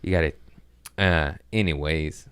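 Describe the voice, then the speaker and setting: A man's voice: very deep voice, steady tone, unhurried, fairly bright tone, clear, resonant tone, no echo. A man hosting a casual comedy podcast, rambling in a profane, self-mocking way. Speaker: podcast host. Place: at home, gardeners working outside.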